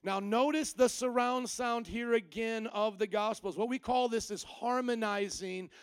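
A pastor with a high, smooth voice delivers a sermon in a steady tone and at a measured pace, drawing the congregation in with call-and-response questions. He explains his ideas through everyday examples and comparisons. The sound is clean and close, with almost no room sound and no echo.

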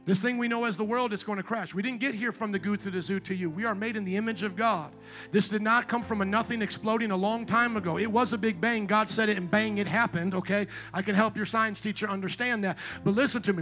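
A man preaching from the pulpit in a high, bright voice, fervent and emphatic. He slows way down to lean on every scripture quote. A faint guitar plays quietly beneath him. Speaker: pastor. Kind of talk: sermon. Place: church sanctuary. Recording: faint guitar music behind.

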